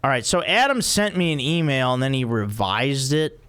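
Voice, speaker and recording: A man's voice: medium pitch, big pitch swings, moderate pace, fairly bright tone, smooth. A man in his thirties hosting a casual podcast, reading a listener's email aloud with joking asides. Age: 30s. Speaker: podcast host. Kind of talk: casual chat.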